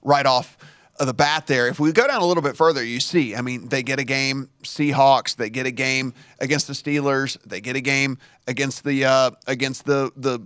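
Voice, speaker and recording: A man hosting a sports betting show, talking through football projections at a steady, methodical pace. His voice sits at a middle pitch. The sound is dry and close to the mic, with no room echo. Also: normal speed, clear, resonant tone. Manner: teasing in banter, methodical with stats. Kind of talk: casual sports analysis talk.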